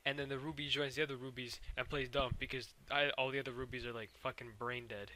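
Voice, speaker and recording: A man's voice: medium pitch, steady tone, fairly quick, sharp tone, no echo. A man recapping cartoon episodes in a rambling, profane way, full of fillers and sound effects. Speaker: show recapper.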